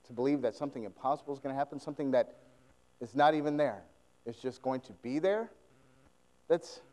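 A man preaching, voicing a poor widow mother in a soft, hushed, earnest tone. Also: medium pitch, a little fast, big-room sound, lightly acted. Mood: fearful.

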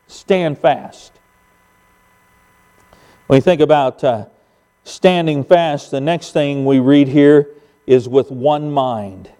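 A man's voice: a little high, takes it slowly, warm tone, smooth, in a large hall. An older man preaching a sermon as pastor, telling folksy stories with emphatic sound effects. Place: church sanctuary.

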